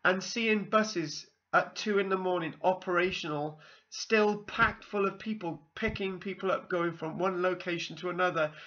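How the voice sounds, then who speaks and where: A man's voice: high-pitched, normal speed, pushed and bright, highs cut off. A man from South Wales with a Welsh accent, telling a meandering personal story full of ums and asides. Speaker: vlogger. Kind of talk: rambling personal anecdote.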